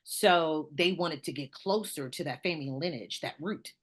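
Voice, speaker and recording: A woman author with a Southern American accent, telling stories in an animated, laughing way during an interview. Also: sits low, moderate pace. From Southern United States. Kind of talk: conversational interview.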